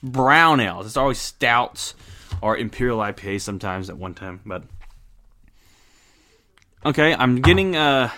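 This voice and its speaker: A man hosting a casual podcast, bluntly reviewing a beer and recapping wrestling, excitable, swearing and laughing often, with many restarts. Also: medium pitch, unhurried, pauses often. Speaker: podcast host.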